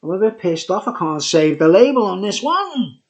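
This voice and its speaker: A man's voice: sits high, big pitch swings, normal speed. A tipsy man rambling through a casual beer review. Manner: rambling and chatty, full of fillers. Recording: dull lo-fi recording.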